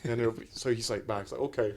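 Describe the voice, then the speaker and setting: A man guesting on a podcast, telling rowdy, profane stories in a casual, animated way. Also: lowish voice, fast talker. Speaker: podcast guest, former hockey enforcer. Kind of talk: casual storytelling chat.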